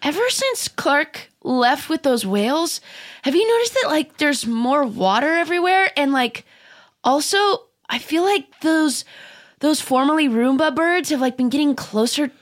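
A woman's voice: high-pitched, animated, a little slow. A woman hosting an improv comedy podcast, playful and casual.

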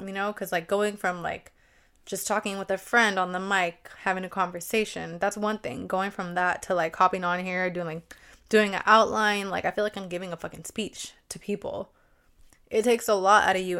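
Chatty young woman podcaster, casual and profane, smooth resonant tone. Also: mid-range voice, fairly bright tone. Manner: chatty, swears freely, many likes. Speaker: solo podcast host. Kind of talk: casual chat.

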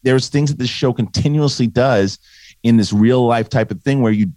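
A man co-hosting a podcast in casual review chat, animated, acting out lines he quotes. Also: medium pitch, normal speed, dry recording. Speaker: podcast co-host.

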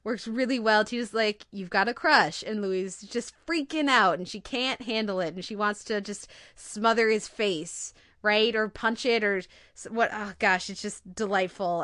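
A podcast host talks casually about a TV show, getting emotional and gushing over her favorite scenes. Her voice is medium-pitched and fairly bright, recorded with clean studio sound and no echo.

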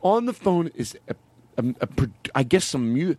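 A man's voice: on the high side, sing-song, moderate pace, darkish tone, dry recording. A man hosting a comedy talk show, giggly and teasing, laughing often during banter. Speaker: host.

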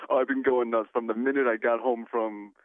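A man's voice: mid-range voice, no echo. A man chatting easily as an interview guest, telling a rambling story over the phone. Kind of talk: casual phone chat. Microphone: phone call. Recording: tinny phone line.

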